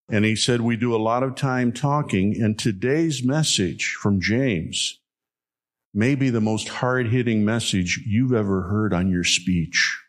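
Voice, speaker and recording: Man, low-pitched preacher; homespun storytelling, deliberate emphasis on key lines. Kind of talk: sermon.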